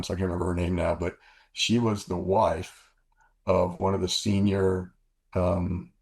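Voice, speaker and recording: An older man with a deep, husky voice tells stories as an interview guest. He rambles and corrects himself often as he works through each anecdote. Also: a little mellow. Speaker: guest, former fighter pilot. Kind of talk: storytelling interview.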